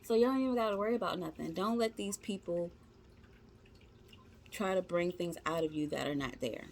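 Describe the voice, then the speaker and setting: Woman tarot reader, lowish voice, casual slangy chat, encouraging. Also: fairly quick. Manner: chatty, encouraging, addresses viewers as y'all; slangy, informal speech.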